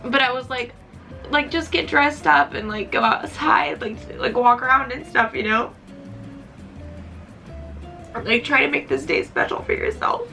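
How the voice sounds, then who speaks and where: Bright-voiced young woman telling a story. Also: high-pitched, measured pace, creaky, long pauses, soft background music. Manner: chatty, heavy use of "like", emotional at times. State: tearful at moments. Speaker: vlogger. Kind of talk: casual storytelling to camera.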